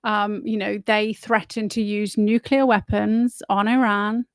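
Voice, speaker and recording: A woman's voice: medium pitch, level tone, measured pace, dry recording, studio quality. A woman hosting her own livestream, rambling in a blunt, opinionated way and swearing freely. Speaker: livestream host. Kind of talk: casual opinionated monologue.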